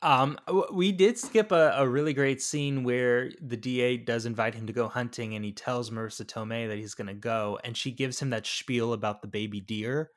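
A man co-hosting a podcast, talking casually about a film and often pausing to search for words. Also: mid-range voice, steady tone. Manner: searching for words, hesitant, many fillers. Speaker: podcast co-host. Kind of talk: casual movie discussion.

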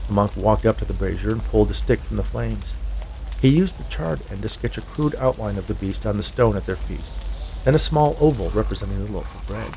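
Man, gravelly voice, lowish pitch, measured horror narration. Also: animated, darkish tone, a little hiss or hum. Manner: measured storytelling.

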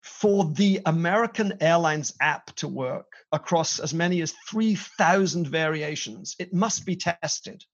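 A middle-aged British man with a British accent, a company CEO telling his career story in an interview, self-deprecating and chatty. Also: on the high side. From Britain. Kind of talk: interview conversation. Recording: slightly dull lo-fi sound.

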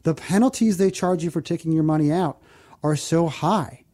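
Male radio host, somewhat high but mellow voice, earnest advice-giver. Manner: earnest, explanatory, repeats phone number slowly. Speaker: financial advisor and radio show host. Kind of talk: radio talk show advice.

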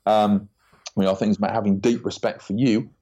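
Brief: male guest, 40s, deep-ish voice, muffled lo-fi audio, chatty storyteller who does voices. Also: normal speed. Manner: animated storyteller, acts out quoted voices. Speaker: podcast guest, branding consultant. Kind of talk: casual interview chat. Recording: dull lo-fi audio.

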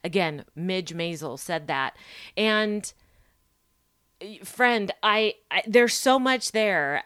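A woman's voice: medium pitch, fairly bright tone, clear, resonant tone, dry recording. Emphatic woman podcast host, dry sound. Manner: emphatic, repeats rhetorical questions, many "right?" tags. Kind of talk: solo podcast monologue.

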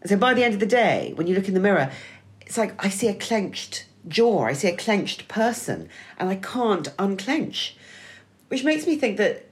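A woman's voice: medium pitch, big pitch swings, moderate pace. A middle-aged woman co-hosting a podcast, talking in a wry, emphatic way and swearing freely. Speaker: podcast co-host. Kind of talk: scripted-sounding conversational essay.

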